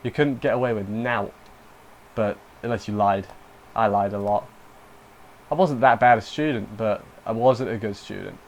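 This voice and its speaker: A young man with a lowish voice talks at a normal speed, casually reviewing an anime episode. He rambles, trails off mid-sentence, and drops in emotional asides.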